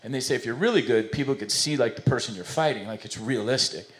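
Brief: a man of middle pitch preaching in a church, loose and conversational. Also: fast talker. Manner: conversational, rambling, self-correcting. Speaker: pastor. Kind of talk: sermon with jokes. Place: church service before a congregation.

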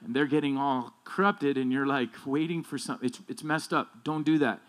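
A male pastor preaching a sermon in a casual, conversational way that turns emphatic on key points. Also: normal speed. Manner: casual, conversational, rambling with restarts and asides; emphatic, builds in loudness and pitch when stressing points.

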